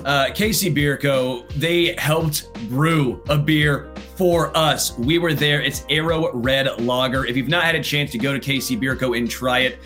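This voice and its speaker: A man's voice: medium pitch, measured pace, hardly any pauses, a bit bright, soft background music. A man co-hosting a casual sports talk show, laid-back and laughing easily, also reading a sponsor spot. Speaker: sports podcast co-host. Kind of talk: casual sports chat with ad read.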